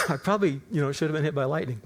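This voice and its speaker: An older man preaches with a high, bright-sitting voice. He tells a personal story from the pulpit, dropping low for asides and climbing to fervent near-shouts. His delivery is animated and conversational. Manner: animated, rising to near-shouts in acted prayers. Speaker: pastor. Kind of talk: storytelling sermon. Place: church auditorium.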